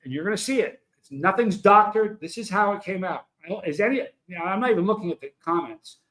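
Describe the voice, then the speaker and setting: A man with a high, bright, forceful voice hosts a casual livestream. He tells his story with emphasis and keeps turning to greet and address his viewers. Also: animated, fast talker, poor audio. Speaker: livestream host.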